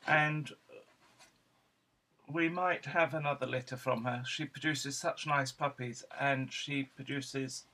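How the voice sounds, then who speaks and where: A man at home showing off his dogs, switching into high cooing baby talk whenever he speaks to them. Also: fairly even intonation, takes it slowly, pushed and bright, poor audio. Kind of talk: casual home video chat.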